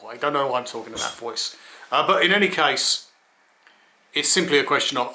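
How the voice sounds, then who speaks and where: A man's voice: mid-range voice, animated, a little fast, long pauses, bright, forceful tone. An English man from England talking in a rambling solo monologue, wry and blunt, swearing freely and restarting his sentences. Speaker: video blogger. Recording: echoey room.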